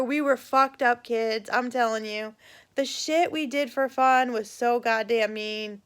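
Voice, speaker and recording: A woman's voice: fairly high pitch, measured pace, smooth. A middle-aged woman casually telling a childhood story on her vlog, swearing freely and acting out the quoted voices. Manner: animated, swearing, acts out voices in quoted lines. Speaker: vlogger.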